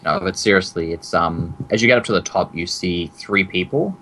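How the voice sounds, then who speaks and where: Deep-voiced man running a tabletop game. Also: normal speed, a bit bright, slight background noise, rough recording. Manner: casual, joking, hesitant fillers. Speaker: dungeon master.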